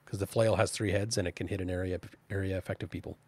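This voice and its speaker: A man's voice: low-pitched, fairly even intonation, fast, darkish tone, breathy edge. A man narrating as game master of a tabletop role-playing game, casual and chatty, often restarting his sentences.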